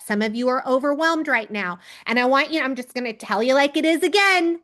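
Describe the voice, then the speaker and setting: A woman leading a team training on a video call, giving an energetic pep talk and calling on people by name. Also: high-pitched. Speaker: team leader coaching recruits.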